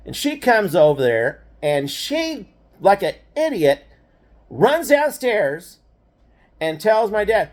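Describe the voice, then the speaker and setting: An older man with a fairly high voice recounts a childhood memory in an easygoing, meandering way. He keeps checking in with his listener and chuckles wryly at the harsh parts. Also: big pitch swings, slow. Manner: rambling, checks in with frequent "right?"; laughs wryly at grim memories. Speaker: grandfather storyteller. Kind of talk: casual personal storytelling.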